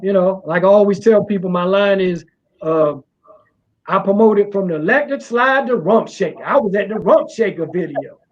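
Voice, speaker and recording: Drawling middle-aged man, muffled sound. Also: normal speed. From Washington, D.C. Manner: rambling, repeats fillers, drawling. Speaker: music promoter and guest. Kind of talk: casual interview. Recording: muffled low-fidelity sound.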